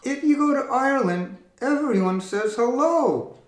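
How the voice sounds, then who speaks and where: A cheerful little male puppet friend, voiced by a man in a high, bright squeak that bounces all over the place. He chirps eager questions at his pal, and the sound rings a bit in a roomy space. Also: animated, a little slow. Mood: chirpy, eager.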